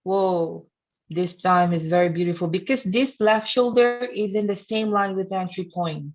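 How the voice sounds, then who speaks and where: A woman's voice: medium pitch, normal speed. A woman teaching a trading course in English that is not her first language, playful and teasing, often laughing at her examples. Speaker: trading instructor. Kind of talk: teaching a course over a chart. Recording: dull lo-fi sound.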